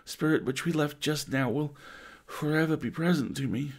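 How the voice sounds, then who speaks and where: A man voicing an old miser in a storybook reading, pleading in a hushed voice. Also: a little high, moderate pace, vocal fry, pitched above the performer's own voice.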